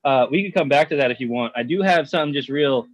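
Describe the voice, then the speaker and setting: A man's voice: mid-range voice, fast, dry recording, highs cut off. A man co-hosting a podcast, chatting casually with friends, laughing often and swearing freely in jokey banter. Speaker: podcast co-host. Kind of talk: casual chat.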